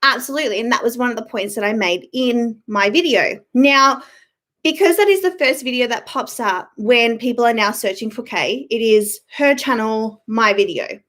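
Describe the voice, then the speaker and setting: A young woman with a high voice talks straight into a webcam mic at home during her live stream. Her tone is blunt and irritated, and she swears freely while greeting chat viewers by name. The delivery stays casual and off the cuff. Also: normal speed, fairly bright tone. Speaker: YouTube livestream host.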